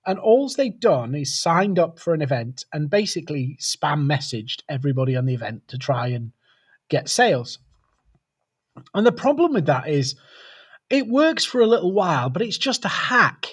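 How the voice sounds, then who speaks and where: Male webcast host, slightly high voice, casual and chatty. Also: very animated, moderate pace, husky. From United Kingdom. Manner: chatty, greets viewers by name. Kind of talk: live webcast chat.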